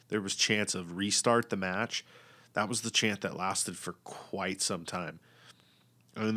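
A man's voice: low voice, a bit bright. A man chatting casually and at length, blunt and opinionated, swearing freely and rambling with lots of fillers and restarts.

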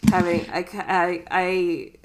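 Slow-talking congested nasal woman. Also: fairly low pitch, flat delivery, very noisy. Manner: unhurried, rambling, self-interrupting. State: congested head cold. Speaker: podcast co-host. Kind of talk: casual chat.

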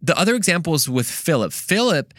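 A man's voice: on the high side, very animated, a little fast, fairly bright tone, no room sound, studio quality. A man hosting a faith podcast, talking to listeners in an earnest, conversational way that turns preachy, with playful asides. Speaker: podcast host.

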